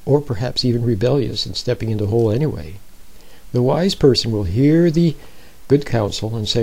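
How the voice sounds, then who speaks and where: A man's voice: medium pitch, animated, brisk, gravelly, low-quality recording. A man giving an informal, conversational sermon, often checking in with his listeners. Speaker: speaker giving a Bible talk.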